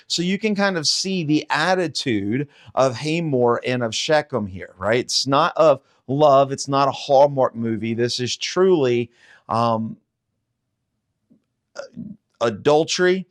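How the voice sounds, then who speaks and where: A man's voice: a little high, unhurried. A man giving a casual daily Bible teaching, talking conversationally with frequent fillers and rhetorical questions.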